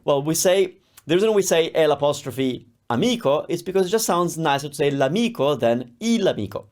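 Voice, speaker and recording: A man's voice: fairly high pitch, animated, brisk, a little mellow. A man teaching a grammar lesson in a conversational, explanatory way. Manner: explanatory, conversational, with many examples. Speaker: language teacher. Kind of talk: online language lesson.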